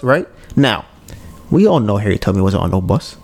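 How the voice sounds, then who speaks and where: A man co-hosting a casual podcast, speaking in a laid-back, fairly monotone way and rambling, correcting himself and swearing as he goes. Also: fairly low pitch, normal speed, gravelly. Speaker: podcast co-host.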